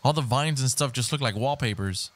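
A young man giving excitable, swearing commentary while he plays a video game on a headset mic. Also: mid-range voice, brisk. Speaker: gaming YouTuber. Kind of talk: live gameplay commentary. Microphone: gaming headset.

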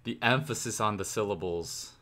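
A man's voice: on the low side, normal speed, very noisy. A young man hosting a casual music reaction, talking through rhyme schemes and reciting lyrics to pick them apart.

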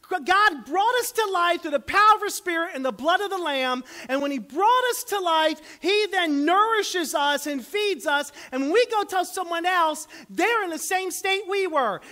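A man's voice: very high voice, sharp tone. A man, preaching a sermon as pastor, in a folksy, conversational way with asides to the congregation. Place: church sanctuary.

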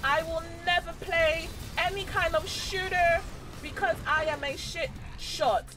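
A young woman streaming a game live, chatting excitedly to the characters on screen and squealing whenever she gets startled. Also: very high voice, a little slow, a crowd in the background. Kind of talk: live gameplay commentary. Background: faint game music.

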